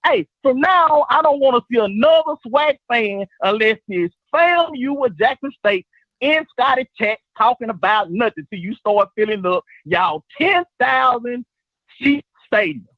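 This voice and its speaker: A man's voice: extremely high pitch, expressive, a little slow, no room sound. A man calling into a sports show, boastfully trash-talking a rival team's fans. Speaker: caller. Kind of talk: phone-in fan banter. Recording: dull phone-call audio.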